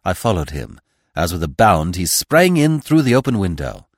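Male audiobook narrator, lowish voice, lively pitch, dry close mic, measured storytelling. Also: no room sound. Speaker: podcast narrator. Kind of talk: audiobook reading of a classic mystery.

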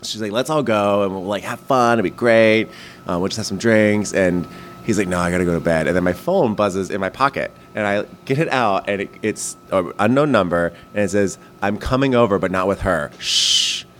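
A man's voice: fairly low pitch, fairly quick, slight background noise. A man, a guest comedian, chatting on a podcast and telling rambling stories with many restarts. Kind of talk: casual podcast chat.

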